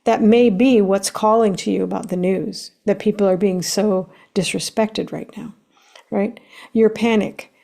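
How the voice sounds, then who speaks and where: A woman's voice: medium pitch, fairly even intonation, a little slow, vocal fry, dark tone. A woman hosting a solo podcast lesson about emotions, speaking emphatically, stacking lists of words, and laughing lightly between points.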